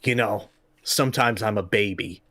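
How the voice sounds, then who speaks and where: A man's voice: on the low side, normal speed, pushed and bright, dry recording, clean studio sound, pitched below the performer's own voice. A man voicing an adult gangster boss dressed as a baby, speaking solemnly.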